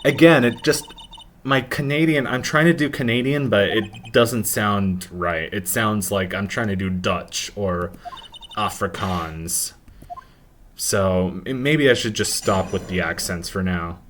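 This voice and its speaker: A man's voice: fairly low pitch, unhurried, fairly bright tone, a little hiss or hum. A man doing casual, sarcastic let's-play commentary, mocking the game as he reads its lines aloud.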